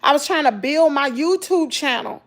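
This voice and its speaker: Her voice sits high and moves at normal speed. She's a middle-aged vlogger with a Southern accent, talking casually and emotionally to her viewers, whom she calls "y'all," in an animated account of hard times.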